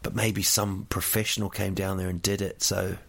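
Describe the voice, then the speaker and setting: A man's voice: sits low, little pitch movement, normal speed, creaky, a bit bright. Rambling New Zealand man, jokey. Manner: rambling, jokey storyteller with many fillers and restarts. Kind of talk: casual chat.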